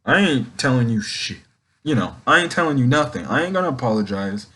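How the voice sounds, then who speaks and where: A man's voice: medium pitch, big pitch swings, fairly quick, sharp tone, breathy edge, heavily acted. A man voicing a proud young woman, a courtesan, who speaks in a defiant, blunt and casual way in his own ordinary voice.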